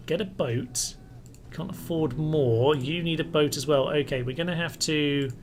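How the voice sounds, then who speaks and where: A man giving casual, wry commentary as he plays a strategy game, thinking aloud and mildly exasperated by setbacks. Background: faint music and air conditioner rumble.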